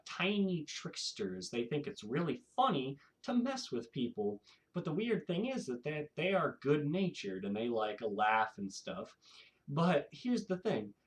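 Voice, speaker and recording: A man hosting his own video, talking casually to camera in a rambling, animated way and laughing often. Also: fairly high pitch. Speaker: video host.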